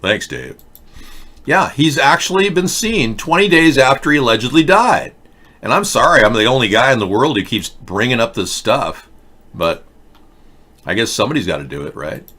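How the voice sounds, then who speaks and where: A man's voice: medium pitch, very animated, moderate pace, pushed and bright. A man hosting a livestream political rant, sarcastic, mocking and rambling as he talks to his chat. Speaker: host.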